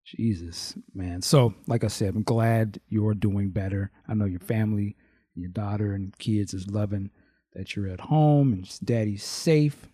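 Male co-host, warm low tone, reflective and supportive, dry recording. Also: unhurried, husky, no echo. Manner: supportive, reflective, loose with fillers. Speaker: podcast co-host. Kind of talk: casual chat.

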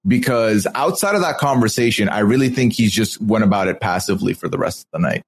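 A man co-hosting a podcast, giving measured, reasoned analysis of the game in casual chat. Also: fairly low pitch, expressive, creaky, breathy edge. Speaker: podcast co-host.

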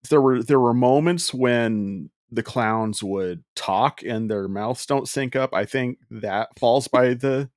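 A man co-hosting a casual movie podcast, relaxed and rambling as he steers the talk. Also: mid-range voice, slow pace, hardly any pauses, no room sound, studio quality. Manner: relaxed, rambling, leads the discussion. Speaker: podcast co-host. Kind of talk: casual chat.

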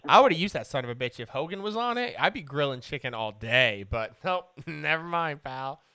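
A man's voice: a little high, brisk, clean tone, no room sound. A man hosting a podcast in casual chat, retelling stories with laughs and swearing. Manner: animated storytelling, swears, laughs a lot. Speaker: podcast host.

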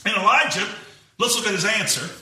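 Lively, high-voiced preacher in an echoey hall. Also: male voice, fairly quick. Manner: animated, emphatic preaching with folksy asides and chuckles. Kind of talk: sermon. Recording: echoey room, mic far off.

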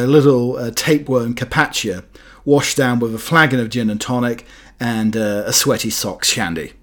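A man hosts a comedy podcast in a rambling, cheeky way, riffing on news items. His voice sits in an ordinary middle register, with plenty of ums and restarts. Faint music runs underneath. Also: mid-range voice. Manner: rambling, cheeky, hesitant with fillers. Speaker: podcast host. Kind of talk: comic news commentary.

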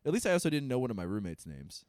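Animated, profane male comedian chatting. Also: mid-range voice, racing, dry recording, clean studio sound. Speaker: stand-up comedian and podcast co-host. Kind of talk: casual comedic chat.

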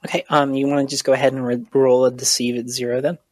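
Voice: mid-range voice, level tone, fast talker, a little mellow, no echo. A game master running a tabletop game, narrating and asking players for rolls, hesitant with many ums and restarts.

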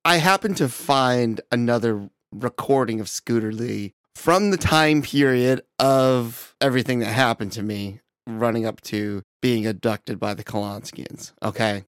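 A man's voice: mid-range voice, a little slow, hardly any pauses, fairly bright tone, smooth, no echo, clean studio sound. A man hosting a comedy podcast, telling a story with exasperated banter.

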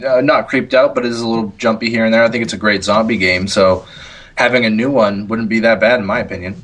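A man's voice: fairly low pitch, steady tone, quick pace, fairly bright tone, low-quality recording. A man hosting a gaming podcast, easygoing and laughing often as he chats. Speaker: podcast host. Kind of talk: casual chat.

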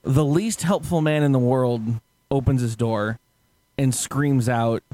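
A man's voice: medium pitch, a little slow, slight background noise. A man telling a story in a casual podcast chat, laughing often and acting out the people he quotes. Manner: animated, laughing, acts out quotes loudly.

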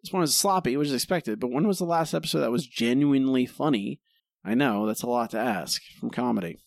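A man's voice: mid-range voice, expressive, fairly quick, creaky, dry recording, studio quality. A man co-hosting a podcast, critiquing an episode in a casual, exasperated way. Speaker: podcast co-host.

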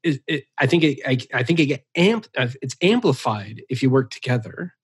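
A man's voice: mid-range voice, sing-song, a little fast, slightly rough, no echo. A man with a mid-range voice hosts a podcast interview, recorded dry and close. He affirms his guests and restarts his sentences with plenty of fillers. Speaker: podcast host. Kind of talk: conversational interview.

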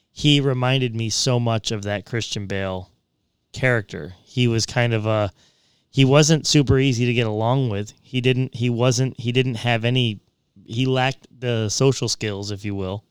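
Podcast guy hyping up a movie, smooth clear voice, dry close mic. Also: lowish voice, no room sound. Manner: enthusiastic, chatty, filler-heavy. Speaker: podcast co-host. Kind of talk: casual movie review chat.

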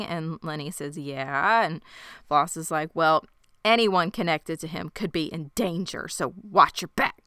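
A woman's voice: low-pitched, a little slow, clean tone, no echo, studio quality. A young woman co-hosting a casual chat, recapping a story and acting out characters' lines with lots of laughter. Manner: animated, acts out characters' lines, laughs often. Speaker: podcast co-host recapping a game.

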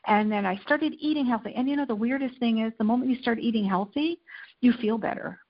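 Give me a woman guest telling a personal story in an animated way, with slightly dull sound. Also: fairly high pitch, a little fast. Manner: animated, tells anecdotes with acted-out quotes. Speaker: interview guest, lifestyle and food editor. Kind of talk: candid conversational storytelling.

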